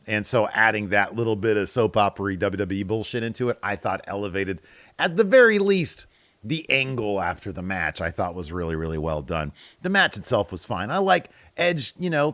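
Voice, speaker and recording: A man hosts a casual reaction podcast, reading out viewer comments and weighing in with opinions. His voice swings widely in pitch, and the recording is dry, with no room sound. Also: fairly bright tone, no room sound. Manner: chatty, opinionated, laughs at own jokes. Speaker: podcast host.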